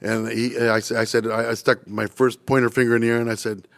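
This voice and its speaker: A man's voice: mid-range voice, level tone, a little fast, creaky, a bit bright, no room sound. An older man, a guest musician, telling a story in a podcast interview and acting out the voices of people he quotes.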